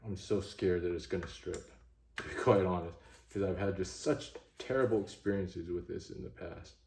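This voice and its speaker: A man's voice: low voice, fairly even intonation, moderate pace, creaky, a little mellow, echoey room, a little hiss or hum. A man vlogging a gear review who swears a lot and talks straight to his viewers. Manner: frustrated, swears heavily, talks to viewers as "guys" and "gents". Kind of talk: casual gear vlog.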